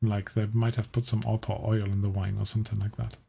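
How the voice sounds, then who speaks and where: A man's voice: on the low side, flat delivery, fast talker, gravelly, darkish tone, slight background noise. A man running a tabletop game as game master, describing scenes and asking players what they do.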